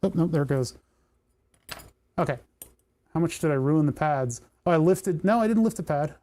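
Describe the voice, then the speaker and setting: A man's voice: on the high side, animated, normal speed, mellow. A man chatting casually on a livestream while he solders, thinking aloud and talking to the parts in his hands. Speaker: electronics livestreamer.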